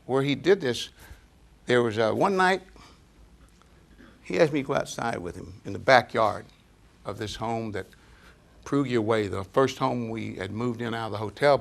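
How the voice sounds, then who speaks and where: An older man with a low, gravelly voice tells anecdotes to a small live audience. His manner is folksy and chatty, and he chuckles often.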